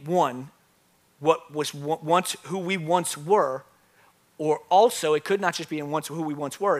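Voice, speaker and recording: A male pastor in his thirties preaching a sermon to a church congregation, telling stories with big swings from quiet to loud. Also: a little high. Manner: animated storytelling, swings from soft to loud. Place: church with live audience.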